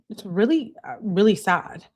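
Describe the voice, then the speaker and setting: A woman hosting a casual true-crime live stream, blunt and chatty as she talks to her viewers. Her voice sits at an ordinary middle pitch, conversational and unpolished. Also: slightly rough. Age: adult. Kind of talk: casual live commentary, reading messages aloud.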